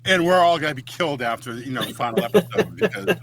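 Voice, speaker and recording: Lively, teasing male co-host. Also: fairly high pitch, fast, a little hiss or hum. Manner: teasing, playful. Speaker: podcast co-host. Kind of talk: casual podcast chat.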